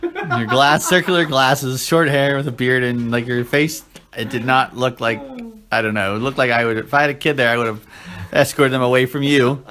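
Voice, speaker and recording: A man's voice: mid-range voice, fairly even intonation, normal speed, bright, forceful tone. A man co-hosting a casual chat, teasing and trash-talking his friend.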